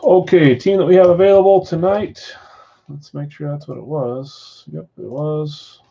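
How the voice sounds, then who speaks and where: A man's voice: fairly high pitch, fairly even intonation, a little slow, gravelly, dark tone, breathy edge, lo-fi sound. A man hosting a live card-break stream from home, chatting casually and reading viewer comments aloud. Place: house with a floor above.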